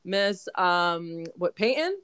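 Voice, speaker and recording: Smooth low-voiced woman co-host. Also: big pitch swings, slow pace, fairly bright tone. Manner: gushing, swears casually. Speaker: podcast co-host. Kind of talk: casual chat.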